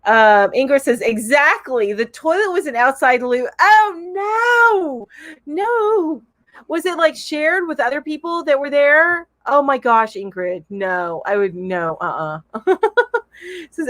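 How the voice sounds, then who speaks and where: Bubbly high-voiced woman live-streaming. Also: expressive, measured pace, a bit bright, no echo. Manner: bubbly, giggly, coos at her cat. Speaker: live show host. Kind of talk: casual live-stream chat, reading comments.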